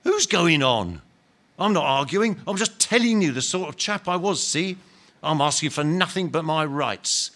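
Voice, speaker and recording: In a dramatic novel reading, a man voices an aggrieved male ghost who demands his rights in blunt, ungrammatical working-class speech. The voice is on the high side, expressive, fairly bright and pushed up, at normal speed, with an indignant, insistent mood.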